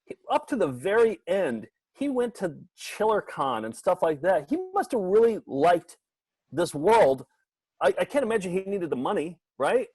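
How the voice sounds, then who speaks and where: A middle-aged man co-hosting a casual comedy show, animated and jokey, tossing out rhetorical questions. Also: sits high, normal speed, poor audio. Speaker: co-host.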